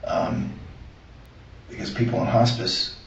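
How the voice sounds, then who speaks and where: A man being interviewed, giving an earnest, halting account of a conversation he recorded. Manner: earnest, halting retelling with restarts. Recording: echoey room, far from the mic, muffled.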